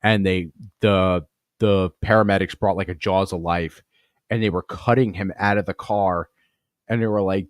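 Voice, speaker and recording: A man's voice: deep voice, steady tone, moderate pace, no echo, studio quality. A man with a Long Island accent, hosting a podcast and telling crude, rambling stories full of swearing. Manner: profane, rambling, swears a lot. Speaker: podcast host. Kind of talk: crude comedic storytelling.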